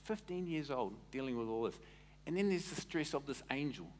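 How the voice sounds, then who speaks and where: A man preaching a sermon as a pastor, in an animated, conversational way that quizzes the congregation. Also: medium pitch, fairly quick, slight background noise.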